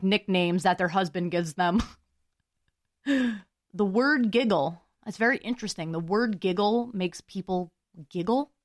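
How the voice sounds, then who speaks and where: Young woman podcast host, giggly and rambling, mid pitch, dead dry room. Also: no echo. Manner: chatty, giggly, musing aloud. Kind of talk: solo podcast chat.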